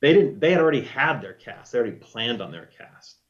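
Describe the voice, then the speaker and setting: A man, a former reality show contestant, casually telling a story in an animated way and acting out what people said. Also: medium pitch, fairly quick. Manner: animated storyteller, acts out quoted lines. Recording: dull lo-fi audio.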